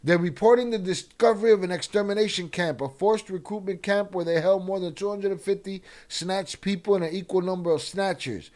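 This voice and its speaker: A man's voice: sits high, a little fast, few pauses, darkish tone. A man hosting a live stream, casually commenting and reading chat aloud in a blunt, profane way. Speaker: live-stream reaction host.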